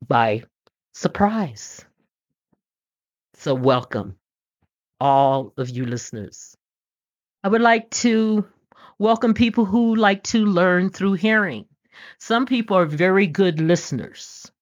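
A middle-aged woman hosts her own podcast, rambling through folksy stories and little jokes, laughing between them. Her voice sits fairly low, and the recording is dull and lo-fi. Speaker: podcast host. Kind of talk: casual storytelling monologue.

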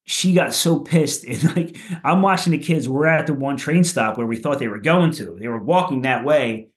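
A man from Philadelphia, a punk rock musician, telling loose, profane stories on a podcast, with lots of filler and a voice that jumps higher at the funny parts. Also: moderate pace. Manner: loose and profane, with many "like"s and "you know"s; animated, goes higher when telling funny bits. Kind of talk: casual podcast storytelling.

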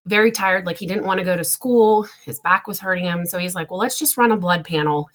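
A woman tells a painful family story. Her voice sits fairly low, and she speaks haltingly, with many fillers, close to tears. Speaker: guest. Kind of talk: emotional personal story.

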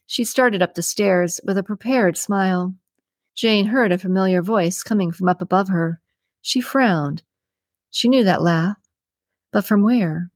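A woman's voice: medium pitch, measured pace, no echo, studio quality. Woman reading a suspense novel aloud. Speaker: podcast host and audiobook reader. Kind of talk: scripted audiobook narration.

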